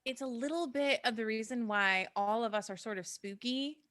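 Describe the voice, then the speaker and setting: A woman's voice: fairly high pitch, normal speed, fairly bright tone, no room sound, studio quality. A woman in her thirties co-hosting a podcast in casual chat, rambling and laughing often. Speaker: podcast co-host.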